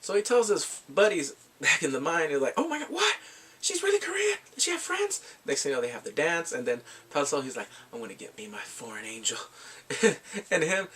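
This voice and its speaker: A man casually retelling a film's plot as a movie reviewer, animated, laughing often and acting out quotes in squeaky voices. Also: vocal fry, distant mic.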